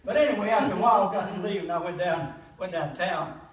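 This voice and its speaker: Older man, high-pitched folksy comic, laughs at own jokes; echoey hall, distant mic. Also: quick pace. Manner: folksy joke-telling, laughing at his own punchlines. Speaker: comedian. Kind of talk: comic monologue at a church gathering. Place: church hall.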